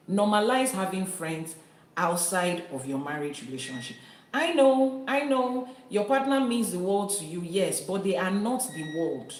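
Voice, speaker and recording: A woman's voice: on the low side, big pitch swings, unhurried, slight background noise. A woman from Nigeria hosting a live-stream teaching, talking earnestly and emphatically to her viewers and reading their comments. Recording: echoey room.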